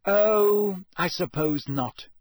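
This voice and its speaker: A man voicing a bright, bossy schoolgirl in a storybook reading, with a husky voice and a quick, lightly scolding delivery. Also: a little high, animated, dry recording. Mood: brisk.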